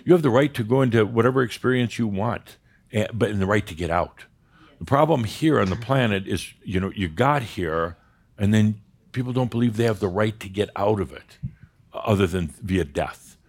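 A man's voice: lowish voice, moderate pace, breathy edge. A man leading a live group session, joking with the room and pressing people to state things plainly. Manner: animated, joking, pushes for specifics. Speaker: workshop leader.

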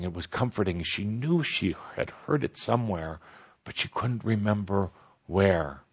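A man telling a story aloud in a slow, gentle way with pauses. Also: fairly low pitch, expressive, slightly rough. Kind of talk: spoken storytelling. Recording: dull lo-fi recording.

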